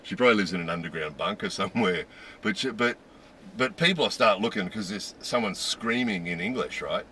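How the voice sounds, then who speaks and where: Lively man telling a story, bright voice. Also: lowish voice, a little fast, slight background noise. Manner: animated, laughing, restarts when excited. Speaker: vlogger. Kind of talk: casual storytelling.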